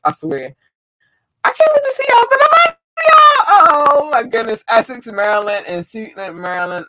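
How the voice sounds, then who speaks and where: An excitable man speaks in a high, bright voice, full of warm, gushing energy. He talks slowly and often trips over unfamiliar names. The sound is close and dry, with no room around it. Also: no room sound, low-quality recording. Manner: excited, effusive, stumbles over place names. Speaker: host shouting out listeners. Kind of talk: casual chat.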